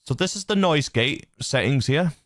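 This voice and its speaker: A man's voice: a little high, expressive, normal speed, no echo. Male channel host, casual rambling tutorial on a dynamic studio mic, dry sound. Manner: loose and rambling, lots of fillers and restarts. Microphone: dynamic studio mic through a mixer.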